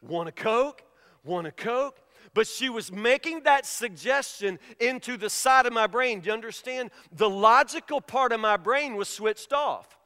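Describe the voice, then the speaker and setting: A middle-aged man preaching a sermon as a pastor, telling stories emphatically and swinging between hushed and loud delivery. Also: very high-pitched, moderate pace, hardly any pauses, smooth. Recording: long reverb of a large hall.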